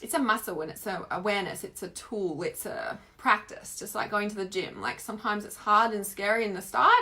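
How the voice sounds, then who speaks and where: An Australian woman giving a casual, chatty spiritual teaching talk, expressive and full of filler words. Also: medium pitch, a little fast.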